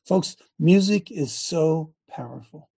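A man hosting a talk show in a preachy, rambling rant. He swings from loud outbursts to low asides and restarts his sentences often. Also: expressive, slow, vocal fry, husky. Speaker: show host.

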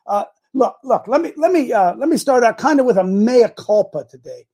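A man's voice: very high-pitched, animated, normal speed. Rambling middle-aged male show host. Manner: rambling, repeats himself, sudden loud outbursts. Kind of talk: casual live-stream talk.

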